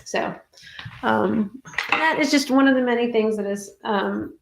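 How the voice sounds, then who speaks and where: A woman musician chatting casually between songs on a livestream, halting and full of fillers and restarts. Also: a little high, creaky, background noise. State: tearful. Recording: roomy sound with faint guitar.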